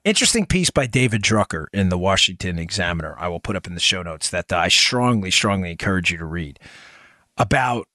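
A man's voice: low voice, big pitch swings, brisk, bright, forceful tone, no room sound, clean studio sound. A middle-aged man from New York hosting a political commentary podcast, emphatic and firing off rhetorical questions to his listeners. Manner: emphatic, fires rhetorical questions, talks to "folks". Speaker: podcast host.

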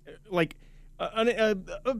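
A man talks in a radio studio, winding hesitantly through his explanation with plenty of fillers. His voice is slightly high, and the studio mic sounds close and dry. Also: moderate pace, creaky, clear, resonant tone, dry recording. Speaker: radio producer. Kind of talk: casual podcast banter.

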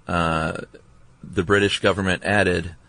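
A man's voice: low-pitched, fairly even intonation, slow, gravelly, pushed and bright, dry recording. A man co-hosting a podcast, chatting casually and reading out listener mail in an easygoing way. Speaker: podcast co-host. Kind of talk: casual chat.

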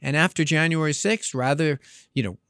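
A man's voice: on the high side, normal speed, fairly bright tone, clear, resonant tone, no room sound, clean studio sound. Emphatic man hosting an opinion podcast. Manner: emphatic, rhetorical questions. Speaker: podcast host, former congressman. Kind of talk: opinion commentary.

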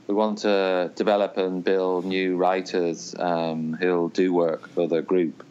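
A man's voice: deep voice, level tone, slow pace, darkish tone, clean tone. An Irish man and theatre maker, a guest in a casual interview, thoughtful and hesitant as he answers. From Ireland. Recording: dull lo-fi sound.

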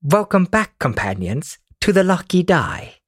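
A man putting on a soft-spoken storyteller with a fake British accent, lilting through the recap with a lively, sing-song rise and fall. The sound is dry and close, with no room around it. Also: sits high, a little slow, dry recording, full character voice. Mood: soothing. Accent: put-on British. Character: soft-spoken narrator, gentle old-womanish storyteller.

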